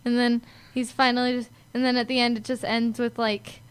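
A woman's voice: a little high, little pitch movement, fairly quick, smooth. A young girl co-hosting a kids' radio show, chatting casually, giggling and backing up her co-host.

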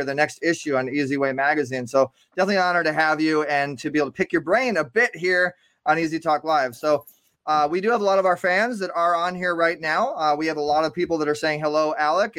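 A man's voice: a little high, a bit bright, no room sound. A man hosting a live online interview show, upbeat and chatty, often repeating words as he talks. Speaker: show host.

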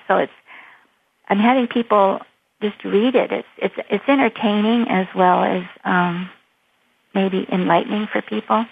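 A woman author being interviewed, telling lively, fast anecdotes. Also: mid-range voice, creaky, slight background noise. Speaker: author and guest. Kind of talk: storytelling in an interview. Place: Hawaii. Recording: tinny phone line.

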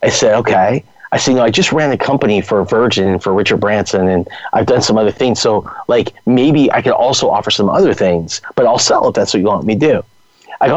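A man telling a personal business story as an interview guest, animated and anecdotal, acting out quoted dialogue. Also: fairly low pitch, fast talker, dry recording, low-quality recording. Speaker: guest entrepreneur and speaker.

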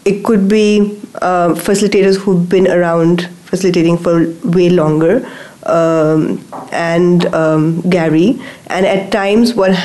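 A woman's voice: lowish voice, steady tone, slow, warm tone, rough recording. A woman talking as a guest on a coaching show, hesitant and full of restarts as she opens up. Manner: hesitant, many fillers and restarts while opening up. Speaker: guest receiving facilitation. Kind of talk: casual conversation.

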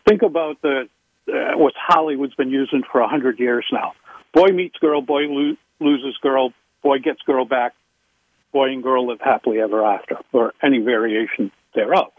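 A man, a public speaking coach, talking in an interview with emphatic, animated leaps in pitch. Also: normal speed, no echo. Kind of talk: interview talk. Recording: tinny phone line.

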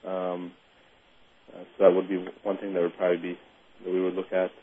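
A man's voice: sits low, monotone, brisk, a little hiss or hum. A male physician explaining matter-of-factly as an interview guest. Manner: matter-of-fact, some fillers. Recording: tinny phone-line audio.

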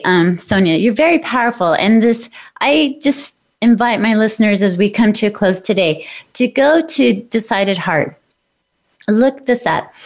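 A middle-aged woman with a medium-pitched, slightly mellow voice hosts a radio talk show in a casual interview format. She's upbeat and affirming, encouraging in a spiritual way.

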